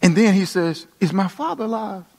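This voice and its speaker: High-voiced preacher in echoing hall. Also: male voice, animated, normal speed, gravelly, husky. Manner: dramatic, dropping to hushed tones and rising for emphasis. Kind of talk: sermon. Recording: long reverb of a large hall.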